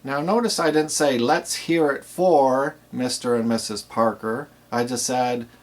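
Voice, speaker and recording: A middle-aged man, a professional DJ, explaining the trade in a plain, steady teaching voice with frequent pauses. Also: medium pitch. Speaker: professional DJ and instructor. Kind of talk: instructional explanation.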